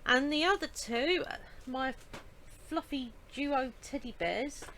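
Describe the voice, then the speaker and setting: A woman from the UK chatting casually as a vlog host, warm-hearted and filling pauses with ums. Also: sits high, noisy background. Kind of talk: casual chat.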